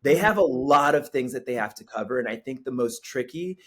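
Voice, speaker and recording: A man as a podcast guest, talking in a chatty, animated way with many fillers. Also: medium pitch, fairly quick. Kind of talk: casual chat.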